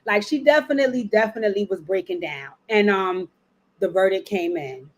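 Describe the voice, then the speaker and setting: Woman, casual review commentary, emotional, emphatic repeats, loose slangy talk, middle pitch. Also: fairly quick. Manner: chatty, emotional, repeats words for emphasis, curses freely. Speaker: vlogger reviewing a documentary.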